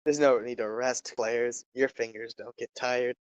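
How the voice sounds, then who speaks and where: A man's voice: medium pitch, flat delivery, a little slow, no echo, low-quality recording. A young man hosting as an esports caster, interviewing a player casually with teasing jokes. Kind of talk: casual post-match interview.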